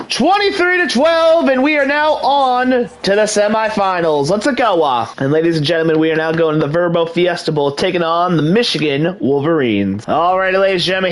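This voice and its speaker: High-voiced, hyped young gaming host. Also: male voice, fairly bright tone, low-quality recording. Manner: hypes up the game like a sportscaster. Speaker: video game channel host. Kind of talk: hyped gameplay commentary.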